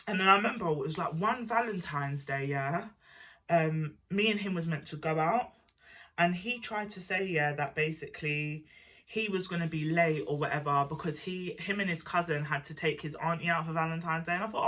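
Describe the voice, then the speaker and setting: A woman's voice: sits low, moderate pace. A young woman with a nasal voice, telling a chatty, slangy personal story. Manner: chatty and animated, slangy, swears; mimics other people's voices. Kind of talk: casual storytime monologue.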